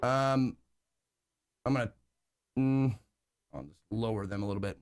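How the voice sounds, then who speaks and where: A man's voice: medium pitch, a little slow, noisy background. A man telling travel stories during a casual live stream, rambling with lots of fillers and casual swearing. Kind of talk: casual storytelling chat.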